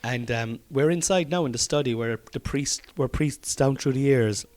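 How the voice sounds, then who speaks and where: A man's voice: medium pitch, normal speed, darkish tone. An Irish man, a comedian hosting a podcast, chatting casually at home, swearing often and rambling. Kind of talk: casual chat. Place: study by an open fire at home.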